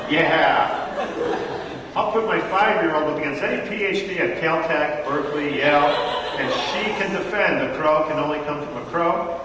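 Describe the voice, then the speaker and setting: A man in his thirties gives a lively talk to a crowd, telling stories and playing every voice in them himself. His voice sits a touch high. It rings around a large, echoey hall, picked up from a distance. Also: a little slow, long pauses, noisy background. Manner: animated storyteller acting out dialogue. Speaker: speaker teaching a church audience. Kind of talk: lively talk to a live audience.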